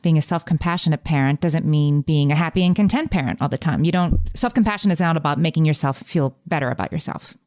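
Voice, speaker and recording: A woman's voice: sits low, fast talker, hardly any pauses, darkish tone. A woman co-hosting a podcast interview, enthusiastic as she wraps up the conversation. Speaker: podcast co-host.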